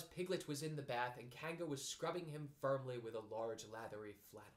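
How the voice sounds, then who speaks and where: A man reading a children's storybook aloud as narrator, in gentle, expressive storytelling. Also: medium pitch, normal speed, few pauses.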